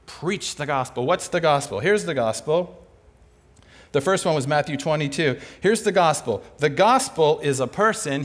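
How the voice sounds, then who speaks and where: A man preaching a sermon in an animated, conversational way, asking and answering his own rhetorical questions. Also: on the high side.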